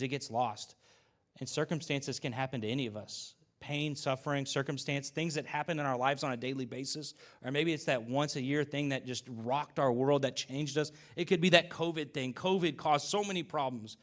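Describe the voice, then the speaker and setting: A man preaching a sermon in a loose, chatty way, with his voice at an everyday middle pitch. He drifts into stories and asides and leans on fillers, and the talk sounds unscripted and easygoing. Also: moderate pace. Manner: relaxed storytelling with fillers and asides. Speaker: pastor. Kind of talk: conversational sermon.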